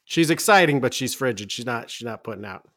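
A man's voice: mid-range voice, expressive, fairly quick, fairly bright tone, dry recording. Male co-host, easygoing and enthusiastic, talks in loose bursts, dry booth sound. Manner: enthusiastic, laughs often, rambling opinions. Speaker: podcast co-host. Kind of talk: casual music review chat.

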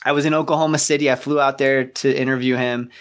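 A man's voice: medium pitch, level tone, fast talker. Chatty Southern man, rambling. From American South. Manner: chatty, rambling, self-deprecating. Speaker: podcast guest. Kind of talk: casual chat.

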